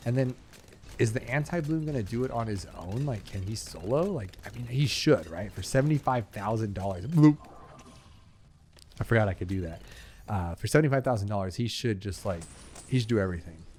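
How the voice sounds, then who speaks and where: A young man narrates his video game for his gaming channel in a lowish, husky, slightly mellow voice with lively intonation and a quick pace. The talk is chatty and rambling, loaded with fillers and asides.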